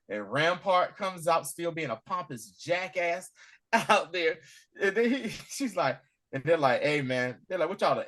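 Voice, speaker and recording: A man's voice: a little high, a bit bright. A man co-hosting a casual recap chat, retelling scenes with acted-out lines and laughter. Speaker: podcast co-host.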